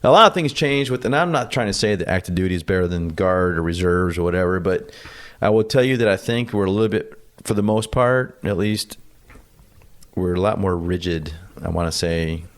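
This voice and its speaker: A man being interviewed, telling a story in an animated, blunt way and acting out the people in it. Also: low voice, fairly quick. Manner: animated, acts out quoted dialogue; blunt, salty language. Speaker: podcast guest. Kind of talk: conversational storytelling.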